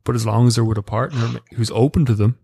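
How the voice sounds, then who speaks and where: A man's voice: mid-range voice, steady tone, fast talker, vocal fry, mellow, breathy edge, dry recording, clean studio sound. A man with an Irish accent hosting a podcast interview, hesitant, restarting phrases and summing up his guest's points. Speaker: podcast host.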